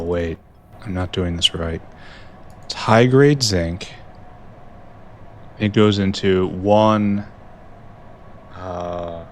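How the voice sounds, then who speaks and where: A gameplay streamer thinks aloud while playing, musing, talking to himself, and mocking himself in a dry way. His voice sits low, with slight background noise.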